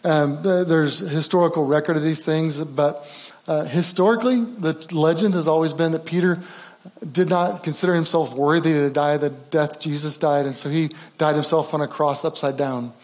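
A man's voice: on the high side, fairly even intonation, moderate pace, low-quality recording. Earnest, conversational male preacher. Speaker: pastor. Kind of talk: sermon.

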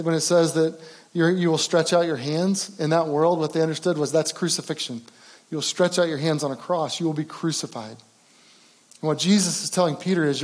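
A man's voice: on the high side, darkish tone, low-quality recording. A man preaching a sermon as a pastor, earnest and conversational, asking the congregation rhetorical questions.

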